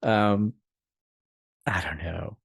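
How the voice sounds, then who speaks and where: Podcast co-host, young man, low voice, dry close sound, laughs a lot. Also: extremely slow, creaky, husky, no room sound. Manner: laughing often, animated storytelling. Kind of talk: casual chat.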